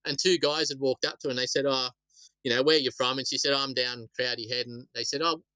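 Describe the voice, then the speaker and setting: A man's voice: mid-range voice, level tone, quick pace, bright, forceful tone, dry recording, rough recording. A middle-aged Australian man, a shark attack survivor, telling stories casually in a rambling way, often repeating words. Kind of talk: casual storytelling interview.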